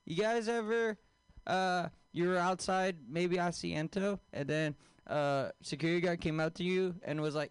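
A man doing a stand-up comedy set, deadpan and crude, often quizzing the crowd. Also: high-pitched, moderate pace, clear, resonant tone, no room sound. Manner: deadpan, crowd-work questions, crude jokes.

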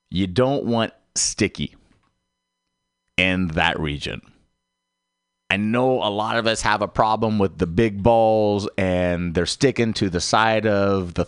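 Low-voiced man doing a dry sales-pitch rant. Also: clear, resonant tone, no room sound. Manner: salesman-like pitch with big swooping emphasis. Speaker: radio show host. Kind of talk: mock infomercial comedy rant. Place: radio studio.

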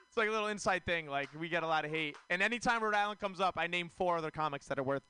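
Bright-voiced rambling stand-up comic man. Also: on the high side, racing, hardly any pauses, clean tone, dry recording. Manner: rambling, filler-heavy delivery. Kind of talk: stand-up comedy set. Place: comedy club stage.

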